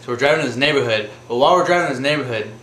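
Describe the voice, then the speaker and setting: A man's voice: mid-range voice, rapid-fire, a bit bright, roomy sound, a little hiss or hum. A man casually telling a true anecdote, rambling with filler words. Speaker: storyteller.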